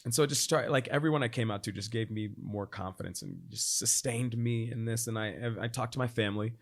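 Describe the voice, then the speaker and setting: A man in his thirties, a podcast guest, telling a personal story in a casual, animated way, acting out quoted voices and laughing often. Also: brisk. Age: 30s. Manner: animated, acts out quoted voices with big pitch jumps; laughs often, frequent fillers like "like".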